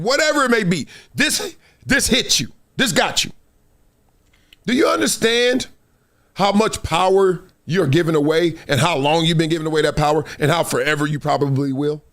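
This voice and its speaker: A man's voice: high-pitched, a bit bright. A man hosting an opinion show, talking in an emphatic, repetitive, almost preacher-like cadence. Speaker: show host. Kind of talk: opinion commentary.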